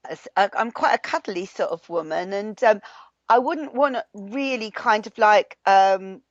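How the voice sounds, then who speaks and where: A woman's voice: mid-range voice, no room sound. Hesitant woman on a lo-fi call. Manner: hesitant, halting, many restarts. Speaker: player in a tarot game. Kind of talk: playful role-play game chat. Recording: dull lo-fi video call audio.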